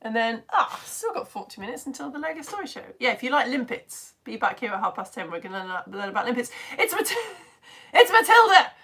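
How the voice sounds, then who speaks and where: A British woman, a physics teacher, chatting brightly on a live-stream lesson and hopping between asides. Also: fairly high pitch, lively intonation, creaky. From United Kingdom. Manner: bubbly, chatty, jumps between topics, quick asides. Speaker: physics teacher and livestream host.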